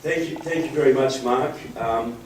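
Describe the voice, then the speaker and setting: A man's voice: medium pitch, normal speed, a little hiss or hum. A man from New Zealand with a New Zealand accent and a cold, giving a joking, rallying political speech as guest speaker in a meeting room. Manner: joking, rallying, often says "folks". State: has a cold. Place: county board meeting room. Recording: echoey room, mic from far.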